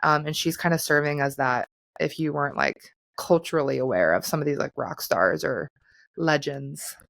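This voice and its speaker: A woman in her late twenties co-hosting a podcast, talking in a casual, chatty way and laughing easily. Her voice sits somewhat low, and the sound is dry and close to the mic. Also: moderate pace, gravelly, fairly bright tone, dry recording. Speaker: podcast co-host. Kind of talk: casual chat.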